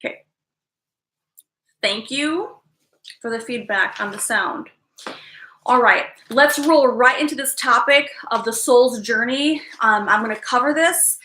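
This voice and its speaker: A woman's voice: on the high side, measured pace, pauses often, sharp tone, slight background noise. Chatty woman streaming from an echoey room. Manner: chatty, apologetic, addresses viewers as guys. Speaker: live stream host. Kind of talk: casual live stream chat. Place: upstairs room at home.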